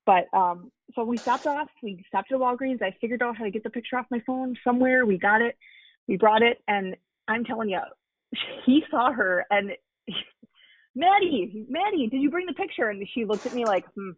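A woman's voice: fairly high pitch, moderate pace, no room sound, narrow, tinny audio. Chatty mother telling a fan story. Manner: chatty, many fillers and restarts. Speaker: guest, mother of a young fan. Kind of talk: casual interview storytelling.

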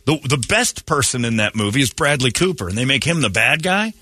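A man's voice: medium pitch, brisk, breathy edge, no room sound, clean studio sound. A man hosting a morning radio show, telling stories in a sarcastic, ranting way during casual banter. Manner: animated, sarcastic ranting storyteller.

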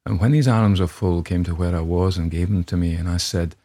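A man doing a husky, deep Scottish storyteller. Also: fairly even intonation, warm tone. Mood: sombre. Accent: put-on Scottish. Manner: measured, grave storytelling. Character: brooding Scottish man telling his tale. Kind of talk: dramatic reading of a ghost story.

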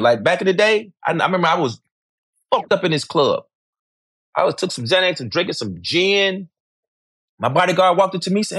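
A man's voice: sits high, very animated, fairly quick, long pauses, fairly bright tone, breathy edge, no room sound, studio quality. A middle-aged man, speaking candidly as an interview guest, emphatic and repetitive, swearing freely.

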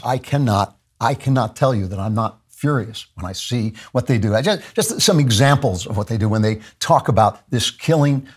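Husky guy ranting on his talk show, keeps repeating himself, trips over words. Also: medium pitch. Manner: intense, repetitive, stumbling over words. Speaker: political talk show host. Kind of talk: impassioned monologue.

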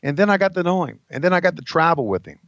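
A man's voice: fairly high pitch, animated, rapid-fire, creaky, fairly bright tone, no echo, dull audio. A man co-hosting a casual podcast, folksy and emotional, often stumbling over his words. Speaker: co-host, former wrestling announcer.

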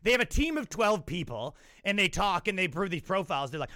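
A man hosting a podcast, telling rambling comic stories and mocking people with quick impressions. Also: fairly high pitch, expressive, sharp tone, no echo, clean studio sound. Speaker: podcast host. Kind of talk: casual comedic monologue. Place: New York.

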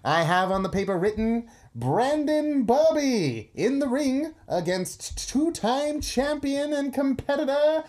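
A man's voice: very high voice, lively intonation, slow, hardly any pauses, a little mellow, pitched above the performer's own voice, heavily acted. A man voicing a male halfling fight-pit announcer in a tabletop game, calling the match like a brash ring announcer. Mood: booming hype.

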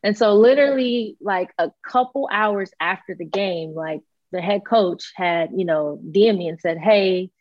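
A young woman, a college basketball player, telling a long story in a relaxed interview, with plenty of fillers and acted-out quotes. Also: medium pitch, unhurried, hardly any pauses, dry recording, highs cut off. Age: young adult. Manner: relaxed, filler-heavy, acts out quoted dialogue.

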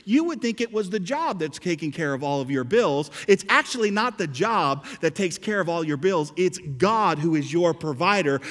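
A male pastor preaches with a high, ringing voice that carries through a large hall with a long reverb. He surges into loud, excited stretches, then drops to quiet, low intensity to press a point. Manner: dynamic preaching, swinging between loud bursts and hushed low passages. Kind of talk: sermon.

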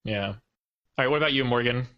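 A man's voice: mid-range voice, fast, dull audio. A man hosting a podcast in casual chat, hedging with "I guess". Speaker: podcast host.

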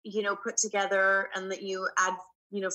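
A woman in her thirties, a guest in a casual, heartfelt conversation, speaking earnestly and reflectively, pausing often to find her words. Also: mid-range voice, level tone, bright, forceful tone, rough recording. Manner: earnest, reflective, hesitant with fillers.

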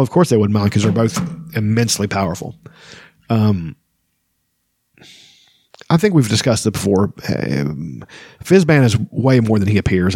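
A man's voice: on the low side, a little mellow, slightly rough, dry recording, studio quality. A man hosting a casual book podcast, reading passages aloud and rambling between them with frequent ums and you-knows. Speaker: book discussion podcast host.

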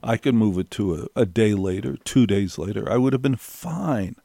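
A lowish, warm male voice with vocal fry speaks at a normal pace in studio-quality sound with no room noise. The middle-aged storyteller recounts a personal anecdote in a wry, digressive way, looping back to repeat key phrases for effect.

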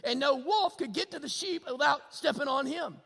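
High-voiced preacher in a reverberant hall. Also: male voice, normal speed, creaky. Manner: storytelling, swings between loud emphasis and low hushed lines. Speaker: pastor. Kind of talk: sermon.

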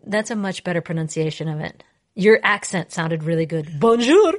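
A woman's voice: low voice, moderate pace. Playful woman podcast co-host. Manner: playful, laughing, animated storytelling. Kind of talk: casual chat.

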